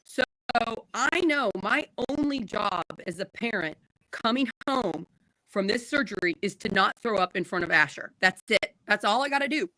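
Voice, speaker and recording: Woman in her 30s telling a funny story, bright voice, dry sound, lots of laughing. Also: mid-range voice, animated, moderate pace, no echo, poor audio. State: recovering from surgery. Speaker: podcast co-host. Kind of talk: casual storytelling chat.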